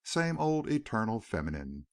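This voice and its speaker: A man reading the lines of a gentle, wistful young war veteran in an audiobook, earnest and slightly wry. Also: fairly low pitch, sing-song, normal speed, dry recording, studio quality.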